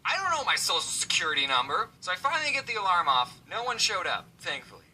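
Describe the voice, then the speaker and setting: Brief: young male storyteller, lively and sarcastic, bright high voice, faint hiss behind. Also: fast, poor audio. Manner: animated, sarcastic, puts on voices for people in the story. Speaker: animated storyteller. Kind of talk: comedic storytelling to the camera. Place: Arizona.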